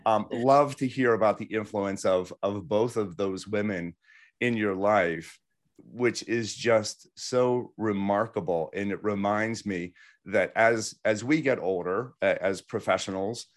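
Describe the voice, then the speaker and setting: A man's voice: fairly low pitch, unhurried. A man hosting a podcast interview, talking with enthusiasm and affirming his guest, with lots of fillers. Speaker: podcast host. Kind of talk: casual interview talk.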